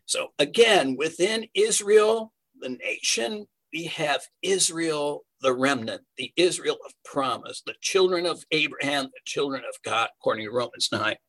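A man's voice: on the high side, a bit bright, low-quality recording. A man preaching a verse-by-verse Bible sermon, earnest and emphatic, asking rhetorical questions as he teaches.

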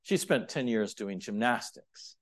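A middle-aged man preaching a sermon, moving between loud, emphatic points and quiet, chatty asides to the congregation. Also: lowish voice, unhurried. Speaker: pastor.

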